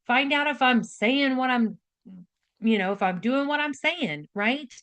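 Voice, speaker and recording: A woman's voice: high-pitched, lively intonation, a little slow, fairly bright tone. Woman nurse educator, casual class talk, direct, lots of rhetorical questions. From United States. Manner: direct, chatty, asks rhetorical questions, says "right?" and "okay?" often. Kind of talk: casual spoken lesson to an audience.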